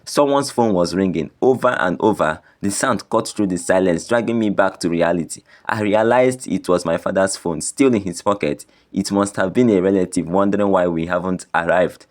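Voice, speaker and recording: A man with a very deep voice tells a first-person tragedy as scripted narration. His delivery stays grave and sorrowful throughout. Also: moderate pace, few pauses. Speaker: storyteller.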